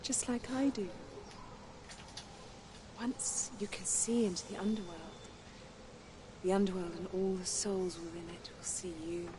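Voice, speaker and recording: A woman voicing a gentle, ghostly mother, a priestess guiding her daughter, with soft and distant delivery. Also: medium pitch, steady tone, measured pace, pauses often, noisy background, natural voice. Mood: reassuring.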